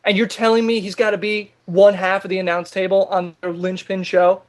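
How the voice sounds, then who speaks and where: Podcast host, high male voice, animated and exasperated, quick to laugh. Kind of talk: casual chat.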